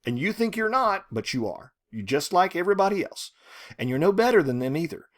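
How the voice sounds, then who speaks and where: A man teaching a short story, talking in an animated, rhetorical way and often checking in with "right?". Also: high voice, brisk. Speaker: literature teacher.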